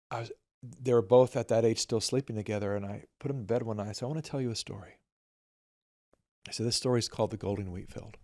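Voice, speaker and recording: A middle-aged man, a filmmaker guest, telling animated family anecdotes and acting out the dialogue. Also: on the low side, creaky. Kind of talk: storytelling in conversation.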